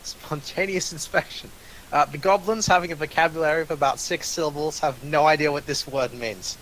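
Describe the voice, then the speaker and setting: A man's voice: on the high side, steady tone, fairly quick, fairly bright tone, a little hiss or hum, poor audio. A man running a tabletop game as game master, narrating with frequent uh's, repeated words and dry, self-mocking asides.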